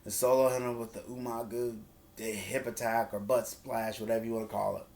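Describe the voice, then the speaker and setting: Dude recapping wrestling on his channel, animated and slangy, acts out the lines, normal guy pitch. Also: brisk. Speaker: wrestling reviewer. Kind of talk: casual review recap.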